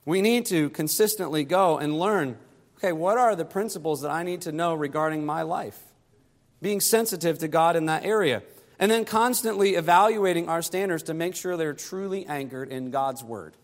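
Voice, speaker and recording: A pastor preaching a sermon, climbing higher and louder to press his points and dropping soft and low to close them. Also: normal speed, in a large hall.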